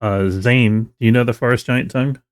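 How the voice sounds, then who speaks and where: A man's voice: medium pitch, steady tone, brisk, clean tone. A man narrating a tabletop role-playing game as game master, describing scenes in detail. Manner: descriptive, with fillers and restarts.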